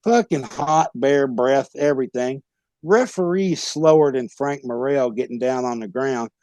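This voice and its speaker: A former pro wrestler telling a rowdy, profane story as a podcast guest. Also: male voice, mid-range voice, unhurried, no room sound. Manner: profane, loud tall-tale telling. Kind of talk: animated comic storytelling.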